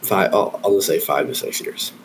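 A man in his late twenties with a very deep voice chats easily, often breaking into laughter. Faint noise sits under his voice. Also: moderate pace, low-quality recording. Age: 20s. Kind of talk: casual chat.

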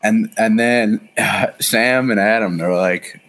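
A man's voice: on the low side, lively intonation, moderate pace, hardly any pauses, a bit bright. A man in his thirties in casual chat, rambling through stories, laughing often and swearing. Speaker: friend chatting.

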